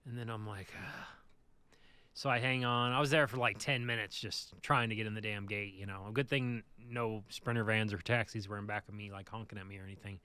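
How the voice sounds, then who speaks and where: A man co-hosting a podcast, telling a casual, animated anecdote about his driving job. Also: on the low side, fast, hardly any pauses, smooth, no room sound. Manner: animated anecdote teller, acts out the people in his stories. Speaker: podcast co-host, bus driver. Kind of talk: casual storytelling chat.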